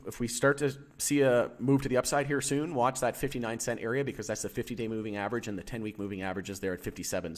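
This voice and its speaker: A man hosting a casual live stream about stock charts, rambling with many fillers and firing questions at his chat. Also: medium pitch.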